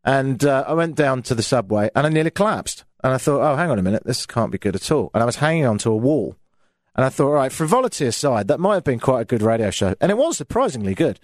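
A man's voice: mid-range voice, big pitch swings, fast talker, dry recording. A man with a British accent hosting a talk radio show, chatting in a casual, self-mocking, grumbling way into a studio microphone.

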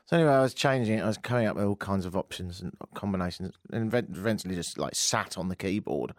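A man hosts a talk radio show, telling comic stories and jumping into voices for the people in them. His pitch swings widely as he goes. The sound is dry and close. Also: quick pace, few pauses, no echo. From England. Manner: animated, acts out voices in his anecdotes.

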